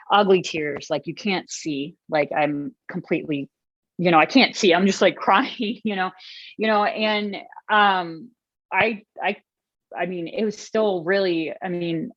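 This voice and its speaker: A woman's voice: deep voice, no room sound, muffled recording. A woman podcast guest telling hunting stories in a casual, chatty way, full of "like" and "you know" fillers. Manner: chatty, many fillers, gets emotional when telling stories. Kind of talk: casual interview storytelling.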